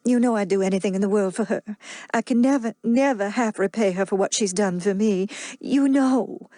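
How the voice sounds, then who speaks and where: A woman voices a gentle young wife and mother, pitching a little above her natural voice; the character is earnest and easily flustered. She speaks at a moderate pace, sounding natural in a dry, clean studio recording.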